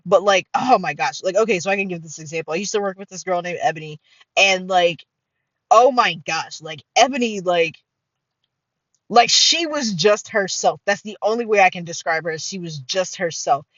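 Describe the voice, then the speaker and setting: A middle-aged woman hosting a casual solo podcast, excitable and full of fillers and swearing. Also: fairly low pitch, moderate pace, no room sound, highs cut off. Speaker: podcast host.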